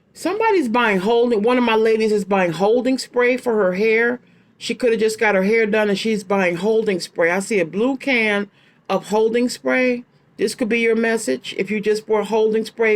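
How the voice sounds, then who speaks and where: A woman in her late fifties giving a casual tarot reading to her viewers, blunt and emphatic, repeating her phrases and using slangy, folksy talk. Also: mid-range voice. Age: 50s. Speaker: tarot card reader.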